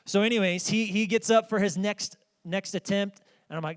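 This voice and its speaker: A man's voice: high voice, normal speed, clean tone. A male pastor in his thirties preaching a storytelling sermon in church, chatting directly with the congregation. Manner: conversational, addresses congregation directly. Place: church sanctuary.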